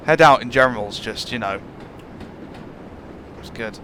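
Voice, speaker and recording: A man chats easily through his gameplay at a middling pitch, unhurried and thinking aloud. He chuckles between remarks as he drives, with a faint hum of noise underneath. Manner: relaxed, musing, chuckles often. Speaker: gameplay channel host. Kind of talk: casual train-sim commentary.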